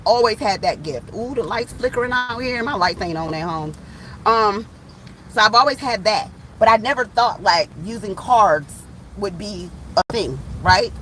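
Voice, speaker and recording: Chatty woman tarot reader, mid-pitched, animated, casual swearing, recorded outdoors with faint traffic behind. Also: normal speed, rough recording. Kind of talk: casual storytelling vlog.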